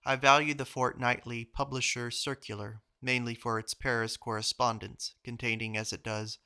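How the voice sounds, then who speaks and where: Bright-voiced man reading evenly. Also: medium pitch, clean tone. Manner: measured, even reading. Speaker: reader of journals. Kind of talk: audiobook reading.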